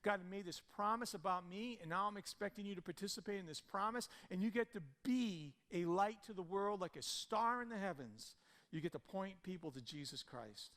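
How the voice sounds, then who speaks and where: A male pastor preaching a sermon, swinging between loud emphatic peaks and soft conversational storytelling. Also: high voice, moderate pace. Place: church sanctuary. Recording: church hall reverb with soft guitar.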